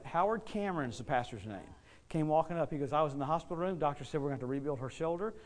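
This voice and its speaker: Quick american preacher guy, middle-aged, slightly high voice, goes loud then drops to a hush telling his stories. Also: a little hiss or hum. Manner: animated, dramatic swings between loud and hushed. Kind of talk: sermon storytelling.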